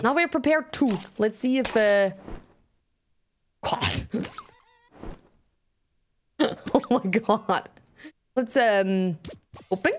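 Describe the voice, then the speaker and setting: A woman giving excitable let's-play commentary, gasping and chattering to herself as she plays. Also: fairly high pitch, drawn-out words, long pauses, a little hiss or hum. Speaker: video game streamer.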